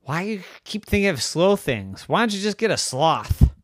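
A man's voice: high-pitched, very animated, normal speed, no room sound, pitched above the performer's own voice. A man voicing a teasing younger brother who tosses out a suggestion in a raised voice.

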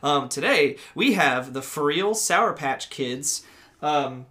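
Podcast host, male; bright, slightly high voice; loose, rambling delivery. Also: animated, slow pace, a little hiss or hum. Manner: rambling, lots of fillers, laughs easily. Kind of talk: casual podcast chat.

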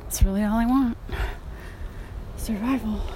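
Walking outside, the painter delivers a loose monologue for her vlog, frank and slightly breathless, with casual cursing and sighs. Background noise is present, and her fairly high voice moves at an unhurried pace.

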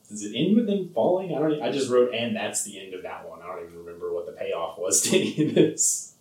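A man's voice: low voice, sing-song, fast, a little mellow, distant mic. A man co-hosting a podcast, rambling casually about a film with lots of fillers and laughs. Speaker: podcast co-host. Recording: roomy sound from off the mic.

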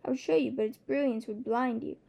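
A woman's voice: fairly high pitch, fairly even intonation, fairly quick, vocal fry, lo-fi sound. A woman reading the part of a proud, wry young male dragon in an audiobook, teasing and a little haughty. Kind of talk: audiobook character voice.

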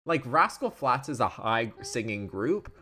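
A man's voice: mid-range voice, sing-song, a little slow, pushed and bright. A young man in his twenties telling a story in a casual, rambling way, full of fillers and tangents. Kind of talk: casual chat.

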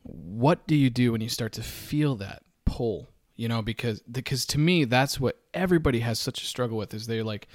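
A man's voice: medium pitch, normal speed, few pauses, a little mellow, dry recording, studio quality. A man hosting a casual podcast conversation, chatty, slipping into quoted excuses to make his point. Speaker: podcast host.

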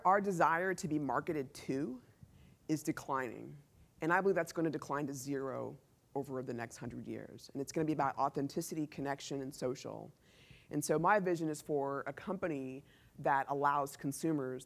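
A man speaking as a company CEO in a conference talk before a live audience, telling stories animatedly and acting out the dialogue. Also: fairly high pitch. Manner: animated storytelling, acts out quoted dialogue, laughs often.

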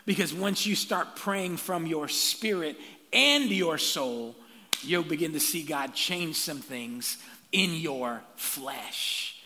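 A man's voice: a little high, takes it slowly, a little hiss or hum. Fiery preaching man in an echoing church. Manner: energetic call-and-response preaching, rising to shouts. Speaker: pastor. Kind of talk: sermon. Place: church sanctuary. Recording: long reverb of a large church hall.

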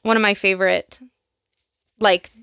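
Young woman podcast co-host, smooth clear voice, chatty and filler-heavy, dry close sound. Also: medium pitch, level tone, measured pace, fairly bright tone, dry recording. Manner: chatty, frequent "like" fillers, retelling scenes. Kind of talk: casual chat.

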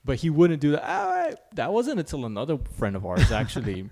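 A man's voice: medium pitch, sing-song, quick pace, dark tone. A man from Laredo, Texas, joining in a casual chat, confirming and adding details to his friend's stories. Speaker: friend of the guest.

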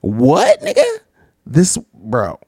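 A young man from California casually telling a story, animated and laughing, heavy on slang and swearing. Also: medium pitch, very slow, creaky, husky, no echo, studio quality. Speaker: vlogger.

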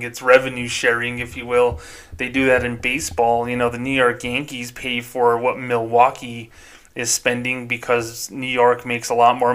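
A man's voice: medium pitch, sharp tone. A man hosting a solo podcast, opinionated and emphatic as he rants into a microphone. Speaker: podcast host.

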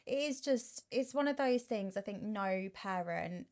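A woman's voice: medium pitch, expressive, measured pace, a little mellow. A young woman co-hosting a podcast, telling stories in a plain, conversational way. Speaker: podcast co-host. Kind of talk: casual chat.

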